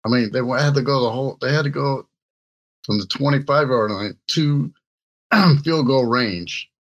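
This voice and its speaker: A man's voice: medium pitch, moderate pace, muffled recording. A man co-hosting a casual chat show, joking and laughing often between his remarks. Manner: jokey, laughs between lines. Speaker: co-host. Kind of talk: casual banter.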